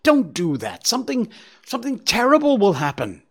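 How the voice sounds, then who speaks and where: A man voicing a frightened young female deer who cries out in shrill panic, in a storybook reading. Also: wildly swooping pitch, normal speed, breathy edge, exaggerated voice. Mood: pleading.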